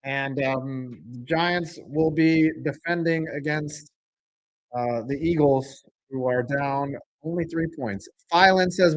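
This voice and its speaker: Young guy doing a live football reaction stream, swears a lot, kinda high voice, drawls along. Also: takes it slowly. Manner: jokey, profane, swings from flat mutters to excited outbursts. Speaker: streamer and sports commentator. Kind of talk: live game reaction with play-by-play and chat reading.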